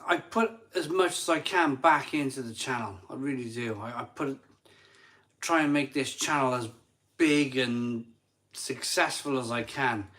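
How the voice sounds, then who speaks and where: A man's voice: mid-range voice, measured pace, a bit bright. A man hosting a live stream, a bit drunk and tired, rambling and repeating himself as he reads out viewer messages. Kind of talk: casual live chat reading super chats.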